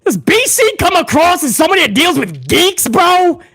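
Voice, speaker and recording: Man putting on a brash heel braggart, shouting, profane, high and bright, wild swings. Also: huge pitch swings, moderate pace, exaggerated voice. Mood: scornful. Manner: shouting, profane, boastful taunting. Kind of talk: comedic rant in character.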